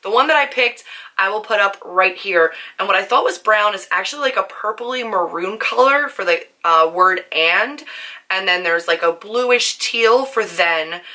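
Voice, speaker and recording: A young woman with a hoarse, worn-out voice, chatting casually to camera about her makeup, nervous and full of "like" fillers. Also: medium pitch, lively intonation, normal speed, bright, forceful tone. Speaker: book and beauty vlogger.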